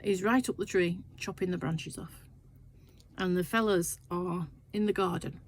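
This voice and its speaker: A woman's voice: lowish voice, fairly even intonation, a little slow, slight background noise. An older woman telling a rambling, chatty story in her sewing shed. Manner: chatty, rambling anecdote with asides. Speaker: sewing vlogger. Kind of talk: casual storytelling chat.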